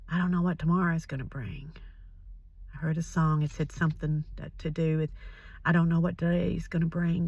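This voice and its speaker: Emotional older woman, halting and hushed. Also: on the low side, steady tone, slightly rough, no echo, dull audio. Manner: emotional, halting, often dropping to a whisper. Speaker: vlogger sharing a personal story. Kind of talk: personal spoken reflection.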